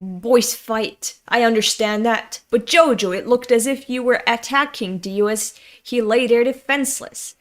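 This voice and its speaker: A woman voicing a stern older father who scolds in formal, measured speech. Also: a little high, natural voice.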